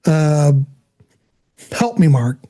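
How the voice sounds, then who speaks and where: A woman's voice: sits low, big pitch swings, very slow, dark tone. A woman co-hosting a casual music interview, supportive and sometimes searching for words. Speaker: co-host, interviewer.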